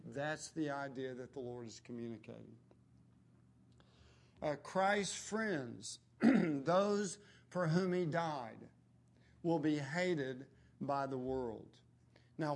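A man preaching a sermon, emphatic, dropping his voice low and quiet on key words and often clearing his throat.

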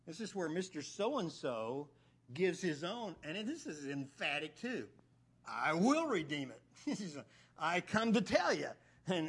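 A male preacher teaching through a Bible passage, his voice sitting a little high for a man. He speaks in an animated way, repeating words as he builds emphasis.

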